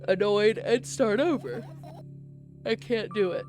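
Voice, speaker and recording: A woman's voice: mid-range voice, takes it slowly, long pauses. Female game reader, mid-range voice, performs every part herself, faint music bed. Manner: reads all parts herself, with casual asides. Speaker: game player reading aloud. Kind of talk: reading a visual novel aloud.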